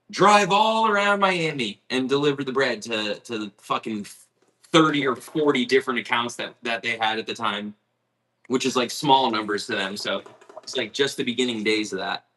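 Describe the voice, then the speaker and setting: A man's voice: medium pitch, a bit bright. A man who works as a baker, telling stories casually on a livestream in a rambling, candid way, full of fillers, laughs and the odd swear word. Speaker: baker and video host.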